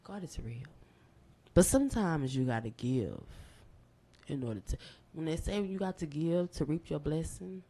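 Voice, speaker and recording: A woman, guest on a podcast, telling a long story in an excitable, animated way. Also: moderate pace, pauses often, slightly rough. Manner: animated, excitable storytelling with big pitch jumps and profanity. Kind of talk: storytelling in casual chat.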